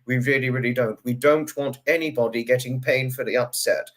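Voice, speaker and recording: A man, hosting a casual livestream and reading out viewer comments in a chatty way, greeting each viewer with sudden high bursts. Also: steady tone, fairly quick. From United Kingdom. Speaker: livestream host.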